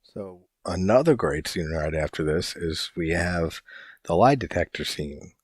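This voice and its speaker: A man's voice: deep voice, lively intonation, unhurried, breathy edge, no echo. A young man hosting a podcast, reviewing a film in a loose, rambling way with lots of "like" and casual swearing. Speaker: podcast host.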